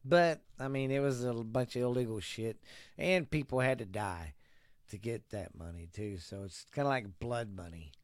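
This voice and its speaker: A podcast host with a medium-pitched, normal-paced voice talks solo in a loose, rambling, profane style, now and then slipping into a mock tough-guy ad voice. The sound is clean studio quality with no echo.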